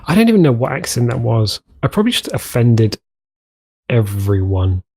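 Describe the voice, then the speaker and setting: Male let's-play host, mid-pitched and mellow, loose rambling commentary with self-mocking asides. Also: very animated, moderate pace, husky. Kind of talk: casual gameplay commentary.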